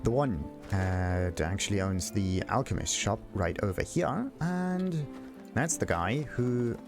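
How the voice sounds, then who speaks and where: A man's voice: fairly low pitch, lively intonation, measured pace, music in the background. A man hosting a game let's play, casually reading dialogue options aloud, chuckling and musing to himself. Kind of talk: casual gameplay commentary.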